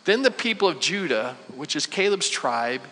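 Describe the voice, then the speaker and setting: Bright-voiced pastor preaching in a reverberant hall. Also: male voice, a little high, very animated, moderate pace. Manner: conversational, acts out quoted voices, many rhetorical questions. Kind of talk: sermon.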